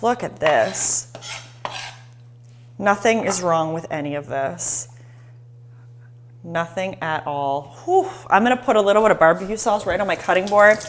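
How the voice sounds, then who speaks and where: Excitable woman hosting a live cooking demo. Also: mid-range voice, slight background noise. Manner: chatty and excitable, talks straight to viewers. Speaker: cooking show host. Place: home kitchen.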